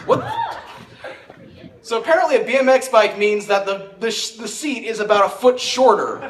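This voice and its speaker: A man's voice: high-pitched, animated, noisy background. Teen boy doing stand-up in an echoey hall. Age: teens. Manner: rambling, self-mocking storytelling with quick asides. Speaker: stand-up comedian. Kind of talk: stand-up comedy routine. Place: school talent show stage in a hall. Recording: echoey hall recording from far off, crowd laughing. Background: audience laughter.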